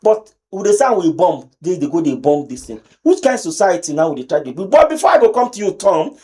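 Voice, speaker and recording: A man's voice: sits high, sing-song, a little fast, a little mellow. A man with a Nigerian accent hosting a pidgin talk show in a studio, chatty and teasing, with many fillers. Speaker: host.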